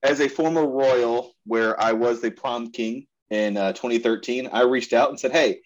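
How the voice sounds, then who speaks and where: A man co-hosting a casual sports-betting podcast, sarcastic and given to deadpan rants. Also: medium pitch, normal speed, highs cut off. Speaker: podcast co-host.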